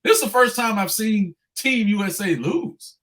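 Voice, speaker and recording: A man co-hosting a sports podcast, talking in a bright, forceful voice. His pitch swings widely as he rants and swears. He gets loud when he's worked up. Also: normal speed. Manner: animated and profane, ranting loudly when upset. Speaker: podcast co-host. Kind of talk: casual sports podcast chat.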